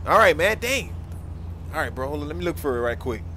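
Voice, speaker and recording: A man's voice: on the high side, sing-song, a little fast, bright, forceful tone, slight background noise. A man playing a whiny young driver pulled over by a cop, pleading and complaining. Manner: pleading and complaining, calls everyone bro.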